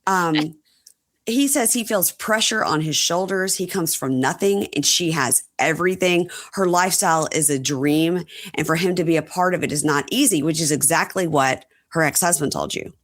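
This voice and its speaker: A woman's voice: low-pitched, normal speed. A woman hosting a podcast, chatting casually about a reality TV episode and acting out quotes from the show. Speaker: podcast host. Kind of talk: casual chat recapping reality TV.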